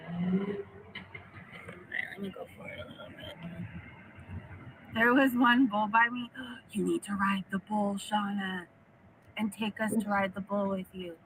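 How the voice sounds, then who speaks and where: A woman in her forties chatting in a casual vlog from inside a car, rambling, excitable and profane. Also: medium pitch, measured pace, pauses often, slight background noise, low-quality recording. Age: 40s.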